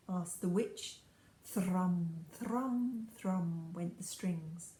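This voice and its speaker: A woman's voice: fairly low pitch, slow, roomy sound, slight background noise, rough recording. Woman reading a storybook aloud. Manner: expressive storytelling. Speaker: storybook reader. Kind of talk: reading a children's book aloud.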